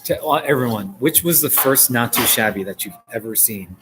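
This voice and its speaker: A man in his forties, from the United States, chatting casually on a live stream and answering viewers' comments. He laughs often and his voice jumps up when he gets excited. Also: mid-range voice, normal speed, noisy background. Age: 40s.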